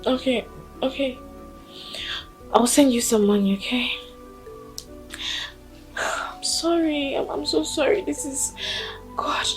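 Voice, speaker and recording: A slow, apologetic Nigerian boyfriend. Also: male voice, very high voice, soft background music. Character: embarrassed young man apologizing to his girlfriend.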